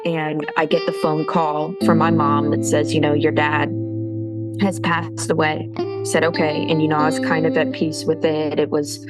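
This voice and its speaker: A woman candidly recounting a painful personal story in an interview, halting with fillers. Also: low voice, little pitch movement, loud music behind the voice, rough recording. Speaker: interviewee telling her story.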